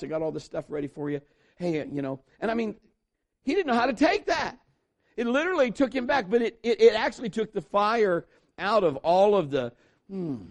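A middle-aged male pastor with a high voice, preaching with lots of energy. He tells stories and acts out the people in them, and he moves quickly between plain teaching and quoted voices. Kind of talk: sermon.

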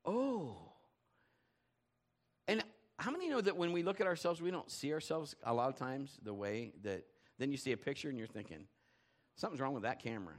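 A pastor preaches a loose, conversational sermon, telling funny stories and asking the congregation questions. His voice is medium-pitched with lively intonation, and he talks fast.

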